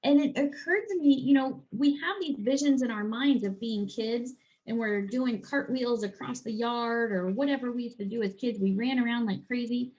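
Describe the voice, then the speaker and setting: A woman health and life coach chatting casually in a podcast interview, telling a personal story and acting out her own thoughts in animated bursts. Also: a little high, low-quality recording. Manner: animated, quick swings into acted-out inner voices.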